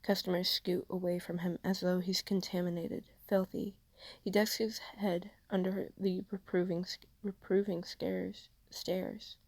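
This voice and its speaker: A woman reading fan fiction aloud as an audiobook, softly, often dropping into a half whisper. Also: on the low side, little pitch movement, a little slow, no echo. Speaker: podfic reader. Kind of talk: fanfiction audiobook narration.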